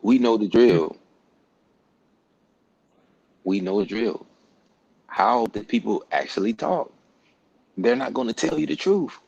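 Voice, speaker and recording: A man's voice: medium pitch, expressive, slow, vocal fry, pauses often, a little mellow, breathy edge, dry recording, dull audio. A man hosting a casual group talk, speaking emphatically and repeating words for stress, with casual slang and profanity. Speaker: podcast host.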